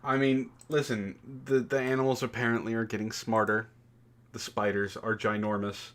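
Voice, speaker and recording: A man's voice: on the low side, flat delivery, moderate pace. Joking man hosting a casual show. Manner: joking, laughs often. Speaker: show host. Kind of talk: casual comedic chat.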